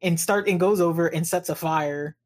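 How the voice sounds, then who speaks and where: Low-pitched woman retelling a story. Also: moderate pace, a little mellow. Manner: conversational, retells scenes with quoted dialogue. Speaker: podcast co-host. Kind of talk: casual book discussion podcast.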